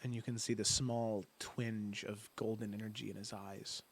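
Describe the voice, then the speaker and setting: Man game master, low husky voice, flat delivery, slow descriptive narration.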